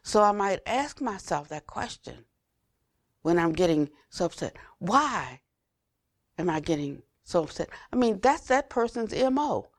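An older woman giving an unhurried Buddhist dharma talk, repeating phrases for emphasis and trailing to a near whisper at phrase ends. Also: medium pitch, sing-song, no room sound, studio quality. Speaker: Buddhist teacher.

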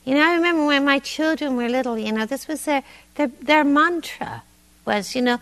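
A woman meditation teacher giving a dharma talk in a meditation hall, conversational and gently humorous. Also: sits high, normal speed.

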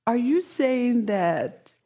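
A serene, patient teacher who answers a challenger with quiet questions, as a woman puts him on. Slow, unhurried and a little breathy, with an even, gentle delivery. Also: fairly high pitch, heavily acted. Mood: calm. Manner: calm, measured. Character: calm, patient male spiritual teacher.

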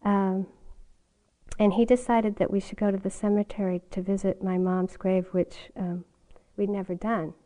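A woman's voice: medium pitch, flat delivery, normal speed, dark tone, rough recording. An older woman giving a meditation talk at a retreat, telling a personal story in a candid way and laughing often. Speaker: meditation teacher.

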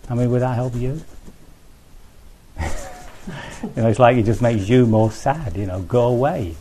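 A man's voice: mid-range voice, measured pace, mellow, a little hiss or hum. A man teaching as a Buddhist teacher in a conversational dharma talk, thinking aloud with restarts and frequent asides to his listeners.

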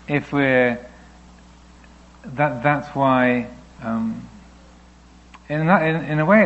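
A man, a Buddhist teacher, answering questions in a reflective, gently explaining way, now and then voicing thoughts aloud. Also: medium pitch, highs cut off. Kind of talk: dharma talk Q&A.

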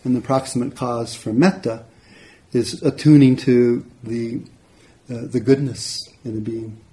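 A man, a meditation teacher, telling a story in a relaxed, conversational dharma talk. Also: medium pitch, measured pace. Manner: relaxed, conversational, frequent "you know". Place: retreat center hall.

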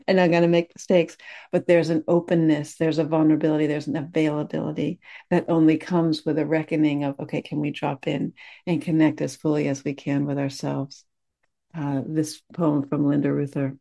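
A woman meditation teacher giving a dharma talk in a gentle, reflective way, teary as she speaks. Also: deep voice, flat delivery, moderate pace, creaky.

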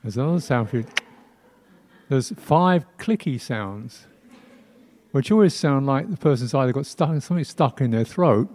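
With an expressive, medium-pitched voice that is both mellow and warm, a male Buddhist teacher gives a dharma talk in a temple hall. He reflects without hurry, often pausing and laughing softly, and at times imitates speech sounds in a playful way.

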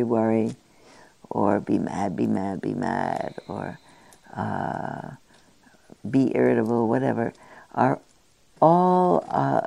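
An older woman, a meditation teacher, giving a musing dharma talk with gentle pauses and fillers. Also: a bass voice, gravelly.

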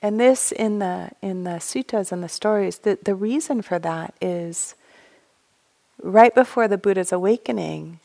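Gravelly-voiced woman giving a casual dharma talk. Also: medium pitch, unhurried, warm tone. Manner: casual and candid, laughs often, acts out inner thoughts. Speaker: meditation teacher.

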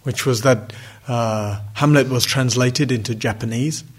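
A man's voice: medium pitch, a little slow, slightly rough. A man giving a reflective, conversational dharma talk as a meditation teacher, with wry asides. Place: retreat center hall.

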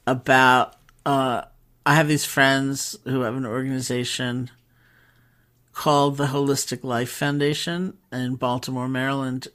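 A woman meditation teacher telling stories in a relaxed, conversational talk, with pauses and fillers. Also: very deep voice. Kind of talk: storytelling talk.

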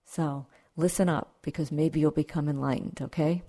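A woman meditation teacher giving a dharma talk in a calm, reflective manner, with asides to the audience. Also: deep voice, moderate pace. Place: meditation retreat hall.

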